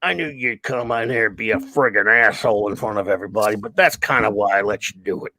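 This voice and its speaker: A man voicing a gruff older male comic shop owner with a gravelly voice. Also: on the low side, quick pace, sharp tone, voice pushed down. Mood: teasing.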